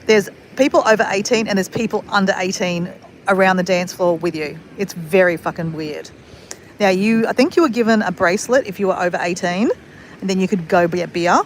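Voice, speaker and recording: A woman's voice: medium pitch, fairly quick, slight background noise. A woman in her forties from Australia, chatting casually to camera in a rambling, laughing way. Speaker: vlogger.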